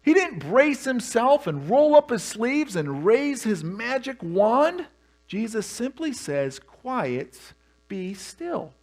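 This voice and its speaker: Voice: medium pitch, big pitch swings, slow, darkish tone. A pastor preaching a sermon, telling the story with humor and animation.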